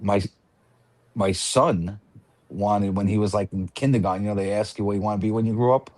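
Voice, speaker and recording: A man's voice: fairly low pitch, fairly even intonation, a little mellow, no echo. A man who is a podcast guest, telling a funny family story in casual chat and laughing as he goes. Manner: laughs through his stories, halting restarts.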